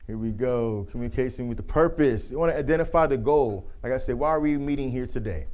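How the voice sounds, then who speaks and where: A man presenting a leadership communication workshop to a live group, telling animated stories and acting out the people he quotes. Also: mid-range voice, quick pace, hardly any pauses. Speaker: youth football coach.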